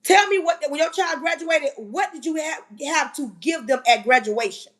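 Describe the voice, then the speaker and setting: Woman livestream host, high-pitched, preachy and emphatic, scolding rant. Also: normal speed, fairly bright tone.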